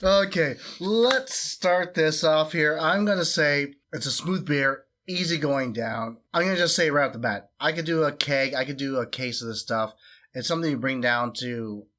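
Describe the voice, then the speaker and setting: Chatty young co-host, bright voice, relaxed beer-talk delivery. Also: male voice, fairly high pitch, normal speed. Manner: easygoing, chatty. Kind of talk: casual chat.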